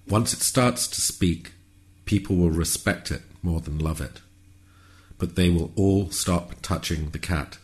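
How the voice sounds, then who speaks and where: A man narrating a whimsical story in a calm, measured, wry way. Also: low-pitched.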